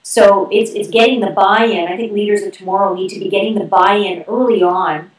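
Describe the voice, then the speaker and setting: A woman's voice: mid-range voice, fairly even intonation, moderate pace, far from the mic. Canadian woman explaining leadership ideas, echoey room. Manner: articulate, explanatory, frequent fillers and restarts. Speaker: leadership keynote speaker, interview guest. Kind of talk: conversational interview answers.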